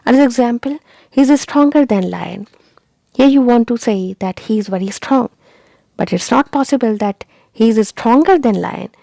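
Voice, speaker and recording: A woman's voice: fairly high pitch, normal speed, vocal fry, warm tone, dry recording. A woman teaching a lesson, repeating key points and often asking whether the listener understood. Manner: repetitive, checks understanding with rhetorical questions. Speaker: English teacher. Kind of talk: explaining a lesson on a video channel.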